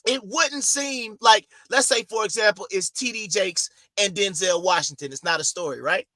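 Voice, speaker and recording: Bright, high-voiced podcast co-host, man. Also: unhurried, no echo. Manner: loose, slangy, riffing with co-host. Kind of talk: casual podcast chat.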